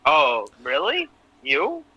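A man with a very bright, cutting voice and a lively, swinging pitch chats on a podcast over a video call. His words come across dry and close. He teases and reacts with wry quips. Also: breathy edge, dry recording, dull audio. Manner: wry, teasing reactions with quick jokes. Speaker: podcast co-host. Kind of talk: casual chat.

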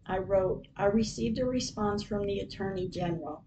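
A middle-aged woman reading her personal diary aloud as a podcast host, in an earnest, heartfelt, unhurried and prayerful way. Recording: distant mic with steady low rumble.

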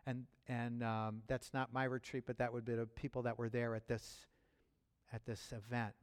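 A man preaching as a pastor, speaking in a personal, conversational way with restarts and chuckles, and building to loud fervor. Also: medium pitch, little pitch movement, normal speed, clear, resonant tone. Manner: builds to loud, rising fervor near the end. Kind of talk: sermon. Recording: long hall reverb.

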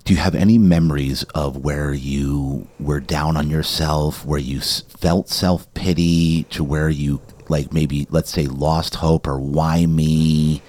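Deep, husky man hosting a podcast. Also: steady tone, slow pace, few pauses, a little mellow. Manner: enthusiastic, frequent affirmations. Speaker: podcast host. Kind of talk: casual interview.

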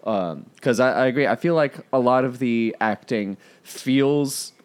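A man's voice: mid-range voice, a little slow, clean tone. A man from New York City co-hosting a film review podcast, agreeing often with "yes" and stumbling over repeated words. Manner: agreeable, frequent "yes", stammering restarts. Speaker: podcast co-host. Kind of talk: casual film review chat.

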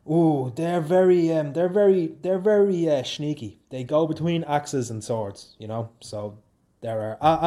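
A young Dublin man chats on his own podcast in a mellow, low-key tone. He rambles and jokes, jumping up high for emphasis, then dropping to quiet asides. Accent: Dublin Irish. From Ireland. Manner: rambling, jokey, lively swings in pitch and loudness. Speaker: podcast host. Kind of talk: casual solo podcast chat.

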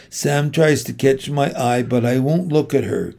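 A man giving a measured, steady first-person audiobook narration. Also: mid-range voice, gravelly.

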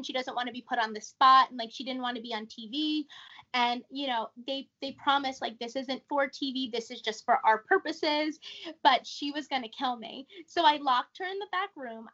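A young woman from New York tells her story as a guest, her New York accent plain and her manner chatty and animated. Her high, bright voice comes through slightly dull, lo-fi audio. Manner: chatty, animated, says "like" a lot. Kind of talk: casual interview storytelling.

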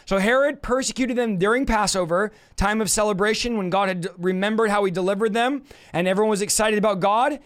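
Fiery high-voiced preacher shouting. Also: male voice, clear, resonant tone. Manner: shouting, passionate, fast bursts. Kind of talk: fiery sermon.

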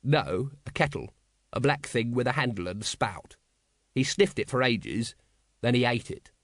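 A man doing a tired, bitter captain of the city watch, gruff and dry in his speech. His voice moves lively up and down, read close on a dry audiobook mic. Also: medium pitch, moderate pace, dry recording, close to an everyday voice. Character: weary, bitter sacked male watch captain.

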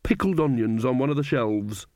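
A man's voice: medium pitch, moderate pace, dark tone, dry recording, studio quality, close to an everyday voice. A man voicing a cheerful, earthy old witch woman who talks boldly and mangles foreign phrases. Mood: gleeful.

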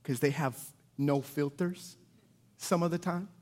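A man in his thirties preaching a sermon, telling stories with big loud bursts that drop to soft, low emphasis. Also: a little slow. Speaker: pastor.

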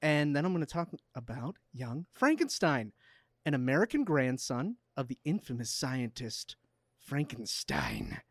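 A man's voice: mid-range voice, normal speed, no echo, clean studio sound. A man co-hosting a casual movie podcast, goofy, reading plot summaries in a solemn tone. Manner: goofy, reads synopses in a flat solemn tone. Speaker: podcast co-host.

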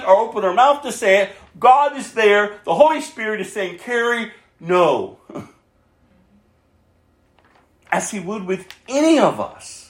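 A male pastor preaching with a fairly high voice, earnest and warm, often chuckling between points. He reads scripture aloud to his church. The sound rings in a reverberant room. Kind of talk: sermon.

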